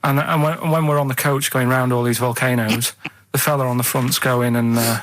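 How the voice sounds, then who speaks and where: A man with a Mancunian accent chatting on a radio show, rambling through deadpan, matter-of-fact complaints. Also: medium pitch, moderate pace, few pauses, no room sound. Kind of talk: casual radio chat. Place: radio studio. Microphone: studio microphone.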